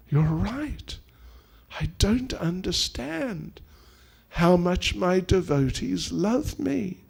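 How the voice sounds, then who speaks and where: A man's voice: high voice, creaky, darkish tone, full character voice. A man voicing a divine young cowherd prince who teases and then pleads earnestly, speaking with emphatic questions. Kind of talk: acted quotes within a sermon.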